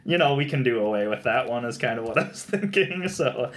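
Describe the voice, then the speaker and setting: A man's voice: mid-range voice, lively intonation, a little fast. Chatty young man who laughs a lot. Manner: chatty, laughs often, many fillers. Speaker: podcast co-host. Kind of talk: casual chat about movie tropes.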